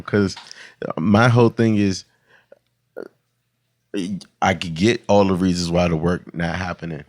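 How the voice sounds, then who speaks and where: A man's voice: deep voice, fairly even intonation, measured pace, long pauses, a little mellow. A man hosting a podcast in casual conversation, blunt and plain-spoken.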